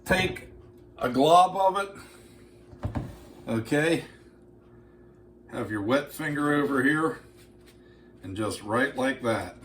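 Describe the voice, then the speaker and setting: A man's voice: mid-range voice, expressive, takes it slowly, long pauses, fairly bright tone. A man running a home cooking video, chatting in a folksy, teasing way as he talks his viewers through each step. His voice sits in a middling register and rings off the hard walls of an echoey kitchen, with a faint hum underneath. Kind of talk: casual cooking demonstration.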